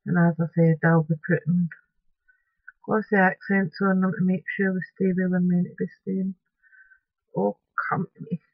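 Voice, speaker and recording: A woman's voice: fairly low pitch, little pitch movement, moderate pace, no echo, narrow, tinny audio. A woman narrating a crafting tutorial, chatting along and muttering to her materials as she works.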